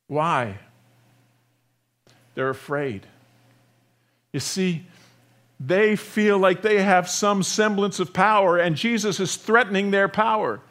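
Male pastor, fairly high voice, dynamic sermon delivery that swings from loud emphasis to hushed asides. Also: slow pace, pauses often.

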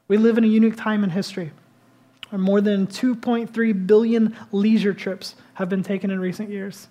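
A man preaching a sermon, conversational and animated, often dropping to a hush for emphasis. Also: high voice, moderate pace. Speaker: pastor.

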